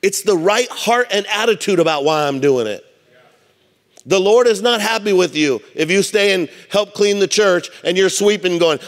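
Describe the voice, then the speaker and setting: In a church sanctuary, a pastor with a high-sitting voice preaches a sermon at a moderate pace. He tells stories with animation, acting out the voices of the people in them, and the hall's reverberation carries through the recording.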